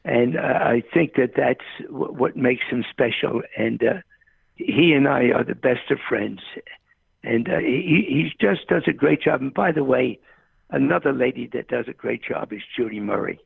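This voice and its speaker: A man's voice: mid-range voice, moderate pace, dry recording. An older man, a tennis coach, telling rambling stories in a phone interview, often saying the host's name. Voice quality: gravelly, husky. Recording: tinny phone line.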